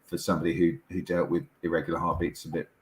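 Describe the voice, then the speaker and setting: A middle-aged man, a doctor explaining things in a measured, reassuring way with frequent restarts. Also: deep voice, little pitch movement. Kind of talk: explaining as an interview guest. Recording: echoey room sound.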